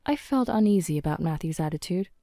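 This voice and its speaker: Low, mellow woman narrating a story. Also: animated, quick pace, dry recording, clean studio sound. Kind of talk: scripted first-person story narration.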